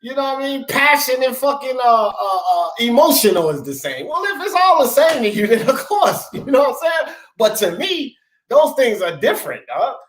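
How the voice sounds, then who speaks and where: A man's voice: very high voice, big pitch swings, moderate pace, a bit bright. A man hosting a sports talk stream, arguing in a fired-up, profane, emphatic way and calling people "bro" and "dog". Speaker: host. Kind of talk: heated sports talk debate. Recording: roomy echo.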